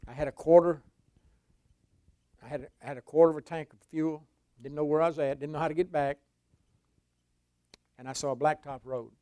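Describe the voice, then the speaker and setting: Man, pastor, folksy sermon storytelling, hushed to loud, slightly high voice, dry close sound. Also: dry recording. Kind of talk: sermon testimony.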